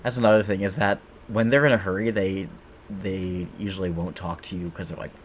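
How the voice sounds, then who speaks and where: A man with a fairly low voice talks loosely over his gameplay, often stopping to restart a thought. A faint game ambience hums under his casual commentary. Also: steady tone, fairly quick, noisy background. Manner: rambling, many fillers and restarts. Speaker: game streamer.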